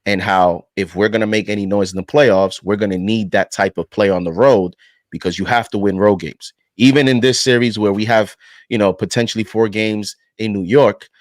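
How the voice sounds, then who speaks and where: Low-voiced man talking sports. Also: steady tone, no room sound. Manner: measured, says "you know" often. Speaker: podcast panelist. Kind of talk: casual sports discussion.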